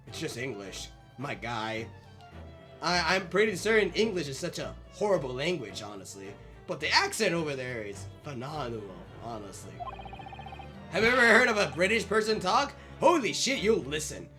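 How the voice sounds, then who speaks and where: A woman's voice: sits low, normal speed. A woman doing casual let's play commentary on a game, joking around and swearing freely. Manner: animated, jokey, swears freely. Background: game music.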